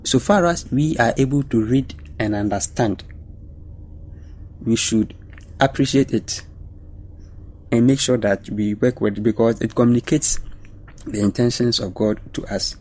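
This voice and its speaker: Measured man on Bible study. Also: mid-range voice, darkish tone. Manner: measured, teaching tone. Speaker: panelist. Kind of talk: panel discussion on Bible study.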